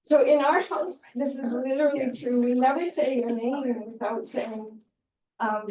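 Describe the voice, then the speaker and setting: A woman speaking at an academic conference, giving a halting, heartfelt tribute with many fillers, recorded in a lecture room. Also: on the high side, steady tone, darkish tone, a little hiss or hum. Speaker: invited speaker. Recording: echoey room, distant mic.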